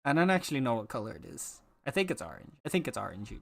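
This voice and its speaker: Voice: mid-range voice, sing-song, fast talker, vocal fry. A live streamer chatting casually with viewers, playful and teasing, with mock-dramatic complaints. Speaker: live streamer talking to chat.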